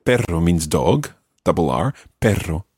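A male language teacher with a low, gravelly voice that swings lively up and down as he explains. He models the sounds slowly and patiently and pokes fun at his own mistakes. The sound is husky and dry, close to the mic. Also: no echo. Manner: self-deprecating. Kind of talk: teaching pronunciation.

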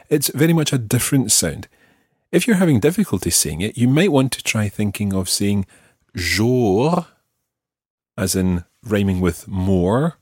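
A Scottish man leads a language lesson in a husky, low voice. He shapes each French word slowly and carefully so it can be repeated back. The sound is dry and close. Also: a little mellow, no echo. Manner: slow, careful modelling of French words for repetition. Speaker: language teacher.

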